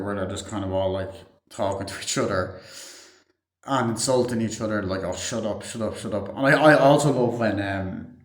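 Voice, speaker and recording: A man casually recapping a movie scene by scene, rambling and swearing, with a lot of "like" fillers. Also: on the low side. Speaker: movie reviewer. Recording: echoey room.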